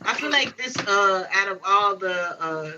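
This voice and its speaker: A man co-hosting a casual podcast chat, drawn-out and quick to laugh. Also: high voice, expressive, muffled recording, noisy background. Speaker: podcast co-host.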